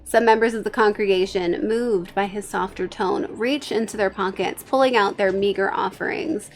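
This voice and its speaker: A woman's voice: mid-range voice, steady tone, normal speed, faint music behind. A woman streaming a game, casually reading its story aloud between chatty asides. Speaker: streamer narrating a life-sim game. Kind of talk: casual let's-play narration.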